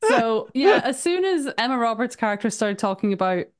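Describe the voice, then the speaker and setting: A woman's voice: a little high, big pitch swings, normal speed. A woman co-hosting a casual movie review podcast, easygoing and wry, laughing often. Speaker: podcast co-host.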